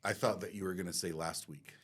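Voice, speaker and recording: A man's voice: low-pitched, fairly even intonation, fast, fairly bright tone, husky. A man co-hosting a business podcast, talking candidly and casually with some swearing and repeated starts. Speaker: podcast co-host and company team member.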